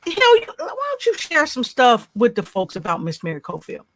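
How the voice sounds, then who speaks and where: A woman hosting a livestream talk show, energetic and full of repeated hype and call-and-response. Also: a little high, normal speed, a little hiss or hum. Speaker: show host.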